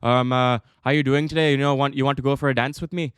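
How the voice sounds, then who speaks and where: A man's voice: mid-range voice, fairly even intonation, quick pace, clear, resonant tone, dry recording, clean studio sound, lightly acted. A man voicing an overeager young Irishman in a scene, with an exaggerated put-on Irish accent that slips. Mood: hammy. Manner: hammy, playful.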